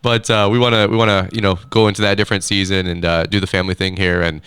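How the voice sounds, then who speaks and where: Chatty guy hosting a podcast, lowish smooth voice, dry sound. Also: level tone, quick pace, fairly bright tone, no echo. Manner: chatty, upbeat, many fillers and restarts. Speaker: podcast host. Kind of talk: casual interview chat. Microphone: on a phone call.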